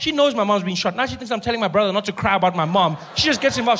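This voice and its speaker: A man with a South African accent telling a stand-up story, acting out every character's voice in an animated way. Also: very high-pitched, brisk, a little hiss or hum. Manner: animated, acts out voices in his stories. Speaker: stand-up comedian.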